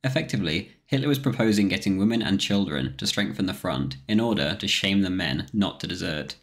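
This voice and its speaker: A man reading a scripted history documentary narration in a measured way. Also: sits low, expressive. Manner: measured, reads quotations aloud with spoken quote marks.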